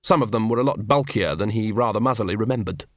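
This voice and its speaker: A man narrating a comic fantasy audiobook in a wry, expressive way on a close studio mic. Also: lowish voice, fast talker, dry recording.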